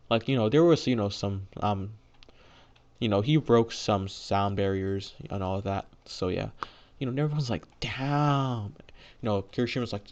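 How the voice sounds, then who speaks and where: A man's voice: fairly low pitch, moderate pace, lo-fi sound. A young man casually retelling a fan-made story, rambling with lots of fillers and restarts.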